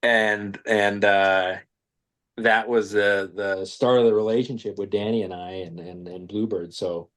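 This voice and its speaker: A man's voice: on the low side, steady tone, a little slow, a bit bright. A male podcast guest and business owner telling a casual story, acting out the voices he quotes, with many restarts.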